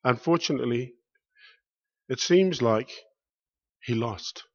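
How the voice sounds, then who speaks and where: A man preaching a sermon with passion, dropping to a hush and then rising loud, repeating his phrases for weight. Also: medium pitch, slow pace. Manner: impassioned, swings from hushed to loud, repeats phrases. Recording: muffled lo-fi recording.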